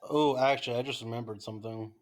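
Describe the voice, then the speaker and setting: A man's voice: mid-range voice, fairly even intonation, quick pace. A man playing a tabletop game, chiming in with questions about the rules. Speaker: player. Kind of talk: casual tabletop game chat.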